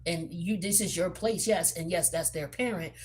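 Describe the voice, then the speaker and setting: A woman's voice: fairly low pitch, normal speed, slight background noise. Blunt, streetwise woman reading tarot. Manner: blunt and profane, streetwise slang; chatty with frequent fillers and asides. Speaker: tarot reader.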